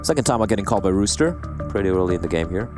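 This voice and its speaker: A man breaking down plays on a live esports broadcast, his voice swooping up and down as he trades playful banter. He speaks at an ordinary pitch, with music clearly heard behind him. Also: lively intonation, very fast. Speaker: esports color commentator. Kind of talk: live analytical commentary.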